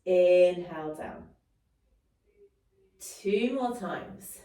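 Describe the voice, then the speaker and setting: Slow-cueing woman Pilates instructor in an echoey room. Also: lowish voice, expressive, warm tone. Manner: encouraging, cueing breath and movement, occasional laughs. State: slightly out of breath at times. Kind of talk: guided workout instruction. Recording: roomy echo, mic at a distance.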